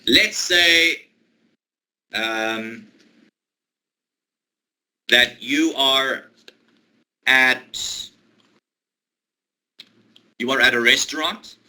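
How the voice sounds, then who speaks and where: A man teaching English one-to-one, explaining a role-play exercise patiently, step by step, with pauses. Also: mid-range voice, bright, forceful tone, poor audio. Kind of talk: online one-to-one English lesson.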